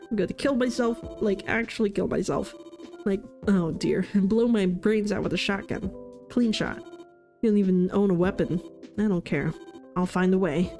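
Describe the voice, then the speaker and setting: A woman's voice: medium pitch, warm tone. Sarcastic woman streamer reading a game. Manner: sarcastic, self-deprecating, joking. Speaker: VTuber streamer. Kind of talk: casual game playthrough, reading the game text aloud. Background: faint game music.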